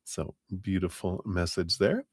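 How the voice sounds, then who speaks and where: A man with a very low voice gives tarot readings on a live stream, talking in a chatty, meandering way and laughing often. The sound is dry and close, with no room around it. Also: very animated, measured pace, darkish tone, husky, no echo. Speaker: tarot reader.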